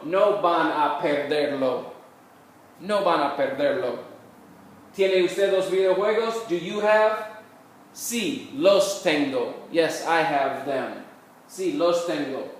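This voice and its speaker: Man teaching Spanish in an echoey room. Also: high-pitched. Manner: patient step-by-step explaining, models Spanish phrases slowly. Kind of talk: recorded classroom lecture. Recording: very echoey room, mic far off, faint noise.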